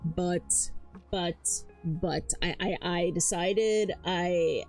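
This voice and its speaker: A woman's voice: fairly low pitch, fairly even intonation, extremely slow, a little mellow, soft background music. A woman streaming, chatting casually and rambling, swearing often and tripping over her words, hyper but tired. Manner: rambling, swears a lot, stammers and repeats herself.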